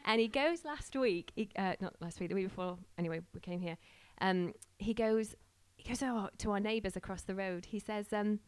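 A woman's voice: medium pitch, normal speed, hardly any pauses, a little mellow, clear, resonant tone, no room sound. A woman who is starting a church tells a casual, laughing story and acts out the voices of the people in it. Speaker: church planter sharing a story.

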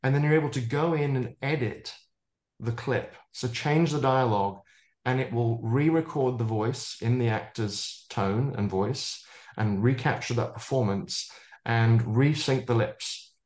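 A man speaking as a futurist guest in a relaxed interview, moving from one example to the next. His voice sits in the middle range and carries a roomy echo around it. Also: mid-range voice, unhurried. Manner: expansive, piles up examples, jokes about his own pronunciation. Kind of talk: casual interview talk.

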